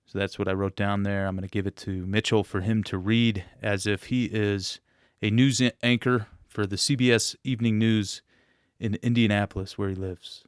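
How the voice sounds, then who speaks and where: A man's voice: lowish voice, level tone, normal speed, clean tone, no room sound, clean studio sound. A man hosting a podcast interview in a playful, mock-formal manner. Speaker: podcast host.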